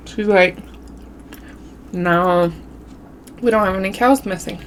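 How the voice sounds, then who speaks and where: Woman vlogger telling a creepy tale real slow, stuffy nose, bit of hiss behind. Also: medium pitch. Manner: animated storytelling with southern-style "y'all". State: runny nose. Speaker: mukbang vlogger telling a story. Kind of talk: casual storytelling. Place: home, eating on camera.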